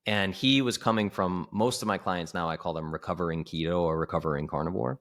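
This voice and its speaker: A man talking as a health coach guest in a casual podcast conversation, animated and full of "like", acting out quoted voices. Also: sits low, brisk, hardly any pauses.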